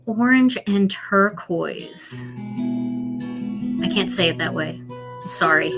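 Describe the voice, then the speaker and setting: A woman with a Philadelphia accent hosting a live card-making demonstration, chatty and self-deprecating as she colors. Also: on the low side. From Philadelphia, USA.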